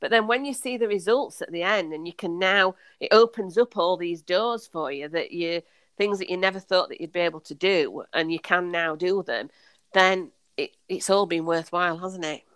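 A woman's voice: fairly low pitch, normal speed, a bit bright, clear, resonant tone, dry recording. A woman, a podcast guest, talking chattily and enthusiastically with many fillers and restarts. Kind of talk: casual conversational storytelling.

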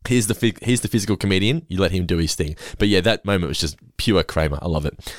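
A man chatting casually about a sitcom episode, animated and laughing often as he acts out the characters' lines. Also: sits low, quick pace, slight background noise. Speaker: podcast host.

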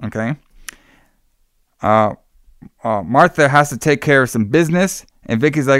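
A man's voice: mid-range voice, animated, a little slow, pauses often, a bit bright, dry recording, studio quality. A man casually recapping a horror movie plot with a podcast co-host. He rambles, swears often and fills his speech with "like" and "you know". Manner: rambling, profane, many fillers.

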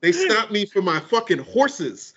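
A man's voice: high-pitched, huge pitch swings, a little slow, over a noisy crowd. A man on a casual podcast, telling a story and acting out every line of dialogue, with heavy slang and cursing, recorded in dull lo-fi audio. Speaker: podcast co-host.

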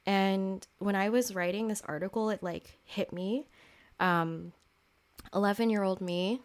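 Young woman doing a chatty solo podcast, open and personal, lots of likes and ums, medium pitched voice. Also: a little slow. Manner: casual and candid, heavy use of "like" and "um"; open about her feelings. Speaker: podcast host. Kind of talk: reflective solo podcast talk.

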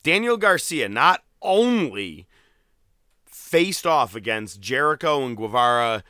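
A man's voice: mid-range voice, slow, smooth, no room sound, clean studio sound. A man, casually recapping wrestling on a podcast and animatedly acting out what people said, swearing freely. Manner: animated storytelling, swears freely, acts out quotes. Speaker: podcast co-host.

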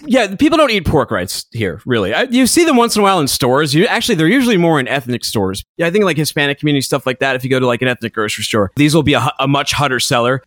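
A man co-hosting a casual chat, animated and full of "like" and "uh". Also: fairly high pitch, very fast, few pauses, dry recording, studio quality. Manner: animated, lots of "like" and "uh". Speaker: podcast co-host.

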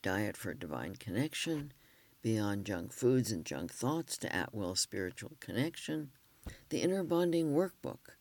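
Gentle man reading self-help narration. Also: lowish voice, no echo. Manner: gentle, measured storytelling. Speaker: relationship counselor and author.

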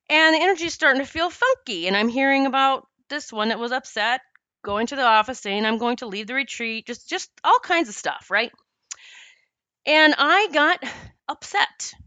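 Woman podcast host, bright voice, dry close sound, emotional storytelling. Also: high voice, no echo. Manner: emotional, animated storytelling with laughs. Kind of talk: personal storytelling.

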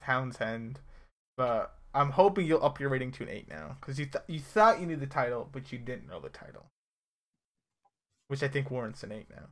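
A man co-hosting a relaxed show about a series, talking at an ordinary mid pitch. He teases his co-host and breaks into laughter often. The talk is loose and unscripted. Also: moderate pace. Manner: playful teasing, laughs often. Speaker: podcast co-host. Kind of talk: casual episode review chat.

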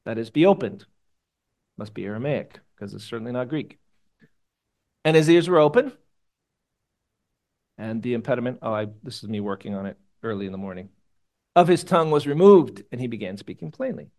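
A man's voice: mid-range voice, animated, fairly quick, gravelly, long pauses, darkish tone. A man, a pastor, gives a conversational sermon in a church meeting room, rambling and casual with sudden emphatic rises.

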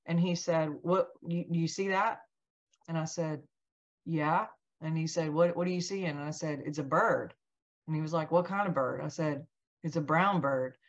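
A woman guest in an interview telling a personal story in a lively way, acting out what each person said. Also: low-pitched, normal speed. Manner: animated, acts out quoted dialogue. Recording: dull lo-fi sound.

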